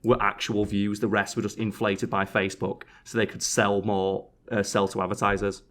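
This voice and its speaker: A man's voice: lowish voice, little pitch movement, normal speed, a bit bright, a little hiss or hum. A man hosting a casual podcast chat, sarcastically reading out survey answers. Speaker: podcast host.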